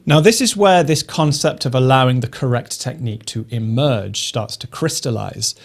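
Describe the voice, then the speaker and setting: A man teaching snare drum technique, explaining each step calmly and methodically. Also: mid-range voice, moderate pace, gravelly, a little hiss or hum. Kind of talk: instructional explanation.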